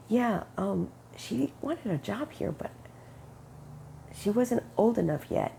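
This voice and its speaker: Woman with a low gravelly voice, dark tone, chatty faith story, acts out the back-and-forth, faint hiss behind. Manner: animated storytelling, acting out quoted dialogue with quick pitch jumps; slows down and turns earnest when preaching. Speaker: Christian speaker sharing a testimony. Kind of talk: casual spoken testimony.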